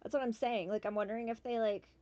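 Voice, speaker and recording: A woman's voice: on the high side, fairly even intonation, fast talker, darkish tone. A woman giving casual, chatty commentary while playing a game demo, talking with bursts of swearing and playful silly noises. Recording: slightly dull lo-fi sound.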